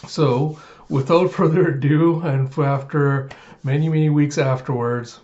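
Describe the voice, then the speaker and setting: A man hosting his own reaction channel, retelling a story in an animated way and laughing often. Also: fairly high pitch, measured pace, highs cut off. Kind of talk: casual reaction commentary.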